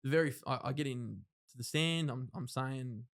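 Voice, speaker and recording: A man's voice: medium pitch, normal speed. Blunt man in his thirties. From Australia. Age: 30s. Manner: rambling, self-interrupting retelling with frank swearing and acted-out quotes. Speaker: podcast guest. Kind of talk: casual interview, personal storytelling.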